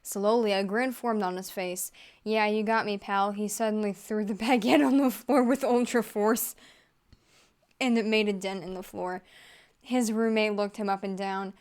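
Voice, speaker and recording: A woman reading fan fiction aloud for laughs, giggling and tossing in deadpan asides. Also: medium pitch, normal speed. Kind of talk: comedic read-aloud storytelling.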